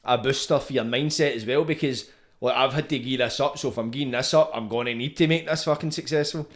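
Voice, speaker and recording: A man's voice: mid-range voice, fast talker. A man hosting a podcast, chatting casually and asking probing questions. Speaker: podcast host.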